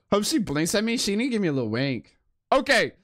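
A man's voice: high voice, fairly bright tone. A man streaming a game live, giving casual, profane, slangy commentary and laughing often.

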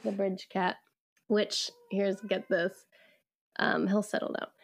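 A woman's voice: mid-range voice, little pitch movement, slow pace, vocal fry, no room sound, clean studio sound. A young woman co-hosting a podcast, chatting casually and laughing often. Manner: giggly, chatty. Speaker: podcast co-host. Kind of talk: casual chat.

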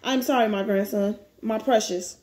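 A woman voicing a gentle, apologetic old grandfather near death while reading a webcomic aloud, in a soft, lowered voice. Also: steady tone, moderate pace, natural voice. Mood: tender farewell.

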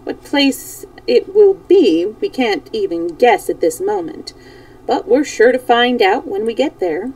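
A woman's voice: a little high, big pitch swings, measured pace, a little mellow, distant mic, low-quality recording. A woman voicing a cheerful, philosophical wandering man in a storybook. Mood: musing.

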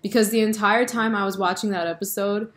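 A woman's voice: mid-range voice, fairly quick. Chatty young woman vlogger. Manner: chatty, animated, lots of fillers and laughs. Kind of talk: casual chat about a TV show.

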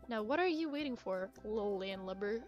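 A woman voicing a hefty, jolly old male seal sailor in a put-on pirate accent, loud and hearty, over muffled game music. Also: medium pitch, lively intonation, a little fast, lightly acted.

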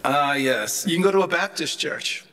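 A man's voice: fairly high pitch, expressive, moderate pace, sharp tone. An older man giving a humorous, anecdotal theology lecture, chatty and rambling, with wry joking asides.

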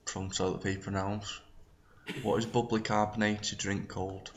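A man from England with a Manchester accent, reading a word list and answering questions in an unhurried, flat way. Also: lowish voice. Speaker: interviewee in a played clip. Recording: dull lo-fi clip with faint noise.

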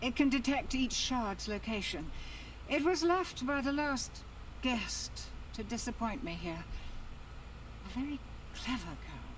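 Sinister game host, gloating and slow, distant with heavy background noise. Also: male voice, extremely high pitch, very animated, fairly bright tone, heavily acted. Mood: taunting. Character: sinister mocking male guide of a haunted maze. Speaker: game narrator.

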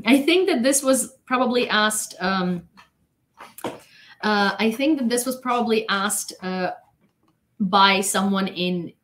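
A woman's voice: medium pitch, slow pace, pauses often, fairly bright tone, slight background noise. A woman from Ukraine streaming war news and chatting casually with her viewers. She giggles a lot and fills her talk with "like" and "um". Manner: chatty and giggly, heavy use of "like" and "um". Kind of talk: casual live chat with viewers.

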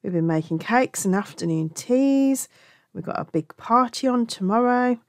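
A woman's voice: a little high, animated, moderate pace, no echo. A woman with a Black Country accent from England, teaching crochet in a chatty, affectionate way and often correcting herself. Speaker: crochet tutor. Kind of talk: crochet tutorial.

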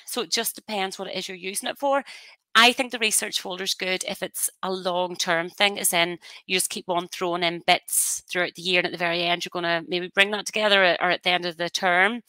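A woman giving a webinar software demonstration as a trainer, talking on a headset mic in a chatty, explanatory way with practical asides. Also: on the low side, no echo.

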